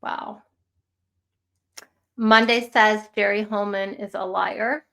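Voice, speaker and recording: Slow, gravelly woman with a Chicago accent. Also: medium pitch, steady tone, fairly bright tone. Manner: chatty, rambling with many fillers. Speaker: livestream host. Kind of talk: casual livestream chat.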